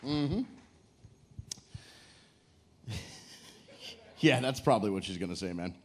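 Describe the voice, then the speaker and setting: A man's voice: lowish voice, lively intonation, slow pace, slight background noise. A man hosting a live game show on a cruise ship stage, joking with couples and teasing them. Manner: joking, teasing, hypes the crowd.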